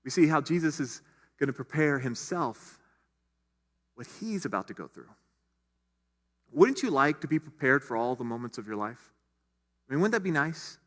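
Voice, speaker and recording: A man's voice: medium pitch, big pitch swings, normal speed, long pauses, fairly bright tone. A middle-aged male pastor giving a conversational sermon, full of casual asides and restarts. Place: church sanctuary. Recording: long hall reverb.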